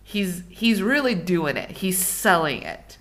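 A woman's voice: lowish voice, lively intonation, slow, a bit bright. A woman co-hosting a film podcast, talking frankly and casually, with the occasional swear word. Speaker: podcast co-host.

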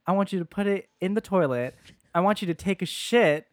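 A man quoting his elderly grandmother, who is deadpan and morbid, in a dry close sound. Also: mid-range voice, fairly quick, no echo, voice pushed up, close to an everyday voice. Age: 80s.

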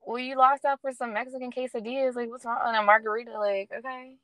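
Talking fast in a fairly high voice, a woman co-hosts a casual storytelling podcast, vividly reenacting both sides of past conversations and peppering her speech with "like." There's no room sound.

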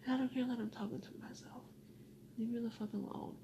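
A young woman hosting a solo podcast, talking to herself and rambling with lots of swearing, dropping to whispers and rising to loud venting. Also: on the high side, fast, vocal fry, a little hiss or hum. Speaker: podcast host.

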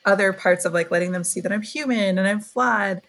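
A woman's voice: mid-range voice, a little fast, a bit bright. Woman in her thirties, podcast guest, earnest and candid, chatty, laughs often. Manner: earnest, candid, laughs a lot, many fillers. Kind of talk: casual conversation.

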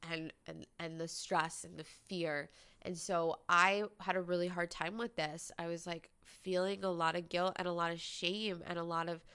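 Gravelly-voiced woman telling a personal story. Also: lowish voice, flat delivery, normal speed, a bit bright. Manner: candid, conversational, many "like" fillers. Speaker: podcast host.

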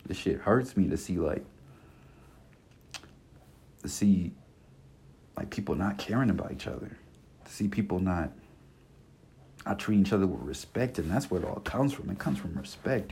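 There's slight background noise behind this man in his twenties as he rants solo on his podcast, blunt and fired up, swearing and slinging slang while circling back to repeat himself. His pitch is fairly low, with a gravelly, darkish tone.

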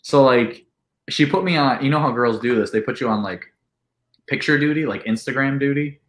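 A man telling a long, animated party story in casual chat, with lots of "like" and acted-out quotes. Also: medium pitch, brisk, roomy sound. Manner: animated, full of "like", acts out quotes. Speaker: podcast guest.

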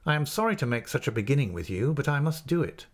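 A man voicing a grave, stern schoolmaster who speaks in a measured, formal way. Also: mid-range voice, big pitch swings, voice pushed up, lightly acted.

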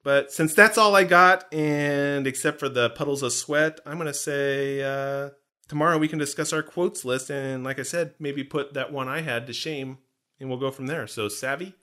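A man's voice: on the high side, steady tone, moderate pace, sharp tone. A man co-hosting a podcast in a studio, playful and teasing, with bursts of mock outrage. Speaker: podcast co-host. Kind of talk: casual podcast chat. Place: hot recording studio.

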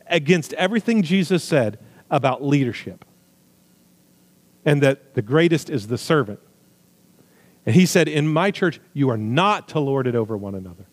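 A man preaching a sermon with emphatic, swinging delivery, loud high stresses falling to quiet low asides, with jokey remarks. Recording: long hall reverb.

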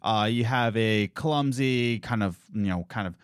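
A man's voice: lowish voice, unhurried, smooth, no room sound, studio quality. A young adult man co-hosting a podcast in loose, rambling casual chat, often correcting himself as he goes. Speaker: podcast co-host.

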